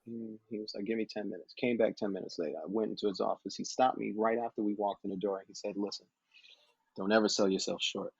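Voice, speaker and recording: A man who is a podcast guest, telling stories in a casual chat, animated and laughing as he acts out the people in them. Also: fairly low pitch, quick pace, creaky, slightly rough, dry recording, highs cut off. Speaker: podcast guest, model and actor.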